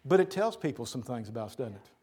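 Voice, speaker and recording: A man's voice: medium pitch, very animated, fast talker, a little mellow, slight background noise. An older man who is a pastor, preaching a sermon to his church in an earnest way, often repeating words as he lists points. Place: church sanctuary.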